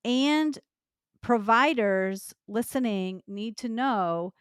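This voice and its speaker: A woman's voice: a little high, slow pace, clear, resonant tone, no echo, clean studio sound. A woman hosting a podcast, talking earnestly and with empathy about clients she counsels. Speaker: podcast host, lactation consultant. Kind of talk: podcast conversation.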